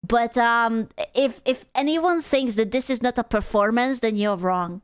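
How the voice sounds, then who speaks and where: Animated woman reacting on stream. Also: fairly high pitch, clear, resonant tone, no room sound. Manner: animated, exclaiming, quick asides. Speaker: VTuber streamer. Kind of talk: casual reaction commentary.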